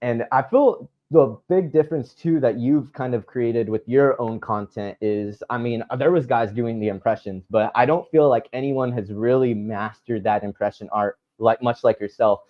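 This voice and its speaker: A man's voice: medium pitch, moderate pace, hardly any pauses, lo-fi sound. A man hosting an interview, asking long rambling questions. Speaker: podcast host. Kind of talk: casual interview.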